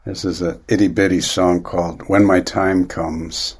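A man in his fifties, a singer-songwriter guest, talking in a relaxed, quick way in an interview. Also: low voice, slightly rough. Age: 50s. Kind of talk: casual interview.

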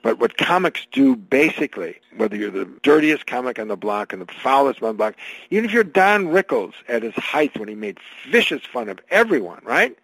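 A gravelly, slightly husky male voice that swings up and down with lively energy as he spins jokes and ideas. He is an author guest in a radio interview, recorded close and dry. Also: medium pitch, a little fast, dry recording, rough recording. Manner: animated storyteller, lively joke-telling.

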